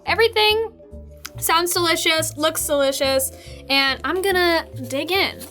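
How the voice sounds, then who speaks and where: A young woman hosting a casual food tasting vlog, bubbly and chatty, full of excited fillers. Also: very high-pitched, a little slow, faint music behind. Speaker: host.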